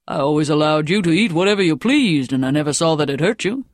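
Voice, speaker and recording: A woman's voice: low voice, expressive, quick pace, dry recording, studio quality. A woman reading a storybook and voicing an easygoing, teasing grandfather. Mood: amused. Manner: amused, easygoing. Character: genial older grandfather, teasing.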